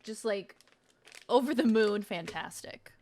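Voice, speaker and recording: A woman's voice: medium pitch, expressive, measured pace, mellow. A woman streams live in an easygoing, chatty voice. She swears freely and plays around while sounding out words from packaging. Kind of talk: casual live-stream chat.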